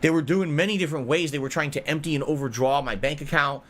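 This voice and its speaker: Bright-voiced man ranting angrily. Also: fairly high pitch, fast. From United States. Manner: angry, profane, repeats his points. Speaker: podcast host. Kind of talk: heated podcast rant.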